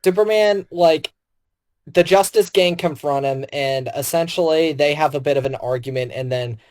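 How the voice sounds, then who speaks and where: A man's voice: on the high side, normal speed, a little mellow. A man co-hosting a podcast film review, rambling casually and retelling scenes by acting out the lines.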